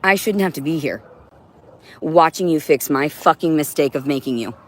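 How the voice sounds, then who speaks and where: A woman's voice: low voice, animated, normal speed. A woman on a livestream in an agitated, profane, rambling monologue, now and then talking to her cat.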